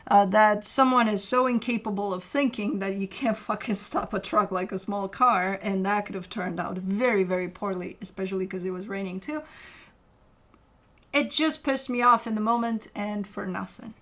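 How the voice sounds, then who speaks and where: A woman's voice: medium pitch, normal speed, fairly bright tone. Candid, swearing tarot reader woman. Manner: candid, swears freely, talks straight to the viewer; argues with imagined objections to make a point. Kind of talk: casual tarot reading to camera.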